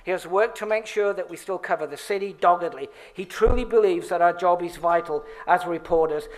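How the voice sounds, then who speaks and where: Man with a high voice, award presenter, playful asides, podium mic. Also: brisk. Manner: playful asides, laughing at his own script. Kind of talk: reading an award tribute speech. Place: banquet hall at an awards dinner.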